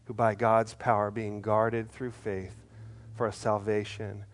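A man's voice: fairly low pitch, level tone, measured pace. A man preaching a sermon in a conversational, earnest way, acting out the voices of the people in his stories. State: briefly choked up. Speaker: pastor.

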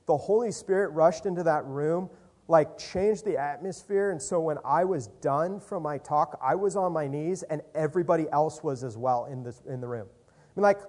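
A man recounts a youth mission trip as a personal testimony, acting out each quoted exchange with animation. His voice sits a little high for a man, and his delivery is energetic and conversational. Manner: animated, lots of quoted dialogue. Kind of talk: storytelling testimony.

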